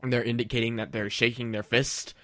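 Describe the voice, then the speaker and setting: A man co-hosting a casual online show, chatting in an animated, rambling way with restarts. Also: mid-range voice, brisk, no room sound, studio quality. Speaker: co-host. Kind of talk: casual chat.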